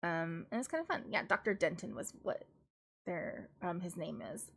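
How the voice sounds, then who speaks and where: A woman's voice: on the low side, animated, normal speed, creaky, fairly bright tone, breathy edge. A woman casually reviewing books on a live stream, chatty and rambling, with frequent laughs and restarts. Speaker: book streamer.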